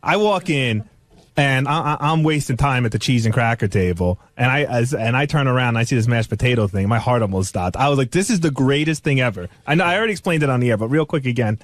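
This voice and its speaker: A man rambling excitedly through a story, the way a radio show staffer chats. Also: medium pitch, quick pace, no echo.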